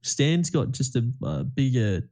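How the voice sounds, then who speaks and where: A young man co-hosting a podcast rambles through stories in casual chat, swearing freely and using lots of fillers. His medium-pitched voice has lively intonation and a darkish tone, and he talks a little slowly.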